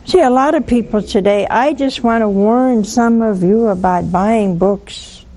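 With a slightly high voice and a somewhat slow delivery, an older woman, a nun hosting a call-in show, offers religious teaching. Her manner is lively, and she stages small dialogues while talking.

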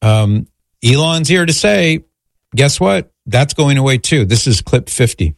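A man's voice: medium pitch, animated, measured pace, gravelly, dry recording, clean studio sound. A man hosting a call-in radio show, talking conversationally between clips and callers.

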